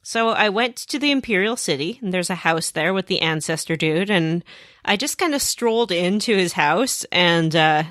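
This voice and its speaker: Animated woman retelling a game. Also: on the low side, normal speed, no room sound, studio quality. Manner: animated storytelling, acts out characters. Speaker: podcast co-host. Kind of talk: casual chat recapping a game.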